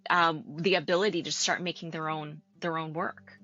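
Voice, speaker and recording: A Canadian woman talks through an interview in a lively, chatty way, often laughing. Her voice has a bright, forward ring. Faint music plays quietly beneath her. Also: deep voice, normal speed, dull audio. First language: English. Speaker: actor-coach guest. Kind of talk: casual interview conversation.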